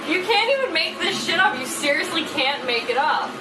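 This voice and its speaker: A man's voice: very high voice, big pitch swings, moderate pace, over music, voice pushed up. A man putting on a vain, brash young woman's voice, taunting and swearing. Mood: sassy.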